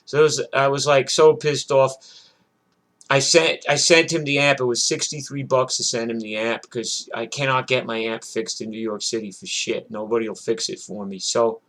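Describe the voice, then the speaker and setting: A middle-aged man and working guitarist, telling a rambling, cursing rant that starts loud and worked up and settles into a low, weary tone. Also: flat delivery, normal speed. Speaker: gigging guitarist and show host.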